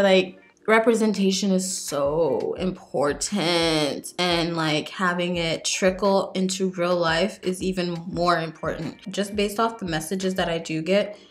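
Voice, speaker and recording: Chatty young woman telling a story. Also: lowish voice. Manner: chatty, animated storytelling with lots of "like". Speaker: beauty vlogger. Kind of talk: casual storytelling while doing makeup.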